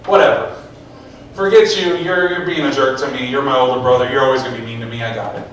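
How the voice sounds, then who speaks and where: Preacher acting out an irritated older brother, scolding, high male voice, echoing hall. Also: fairly even intonation, fast, a bit bright, slight background noise. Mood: exasperated. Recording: echoey church hall, mic far off.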